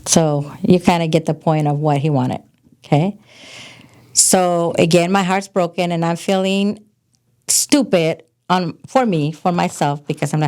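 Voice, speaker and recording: A middle-aged woman from California sits in as a podcast guest and tells frank, animated stories from her past. Her voice sits a little low for a woman. She talks in a blunt, candid way. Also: a little slow. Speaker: podcast guest, host's mother. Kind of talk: casual storytelling chat.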